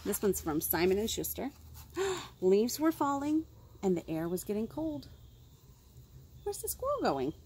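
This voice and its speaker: Lively, animated woman reading storytime. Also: a little high, a little slow, pauses often, husky. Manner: animated, gasps often, asks the listener questions. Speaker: children's librarian. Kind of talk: storytime reading picture books to young children.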